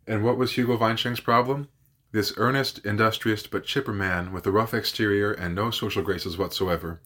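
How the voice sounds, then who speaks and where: A man narrating a classic novel as a guest reader, measured, with an occasional slip and correction. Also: on the low side, fairly even intonation, a bit bright. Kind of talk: audiobook narration.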